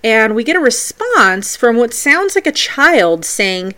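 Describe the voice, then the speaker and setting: With a voice on the high side and a measured pace, this woman hosts a podcast where she recounts her paranormal investigations, scripted but animated and full of play.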